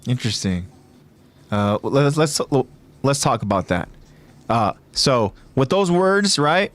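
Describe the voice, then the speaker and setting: A man co-hosting a casual podcast discussion, animated, putting on raised voices for quoted lines and thinking aloud with fillers and restarts. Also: mid-range voice, slow pace. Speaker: podcast co-host.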